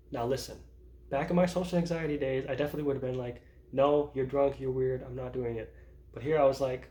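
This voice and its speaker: A man in his thirties tells his own stories to the camera, stumbling through restarts and laughing at his own moments. His voice sits at an ordinary middle pitch. The room around him sounds hollow and echoey. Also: steady tone, fast, darkish tone, slight background noise. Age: 30s. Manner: rambling, self-interrupting, laughs at himself. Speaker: vlogger. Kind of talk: casual personal vlog. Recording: roomy echo.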